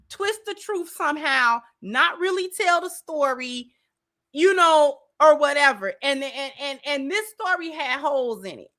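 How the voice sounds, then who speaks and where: Slow-talking, bright-voiced woman host. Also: sits high. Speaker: commentary channel host. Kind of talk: reaction commentary.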